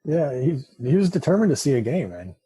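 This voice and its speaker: A relaxed, joking male co-host in a casual sports chat, with a very husky, raspy voice. The tone is dark and mellow, and the recording is dry. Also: fairly high pitch, brisk, dry recording, faint music behind. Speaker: podcast co-host.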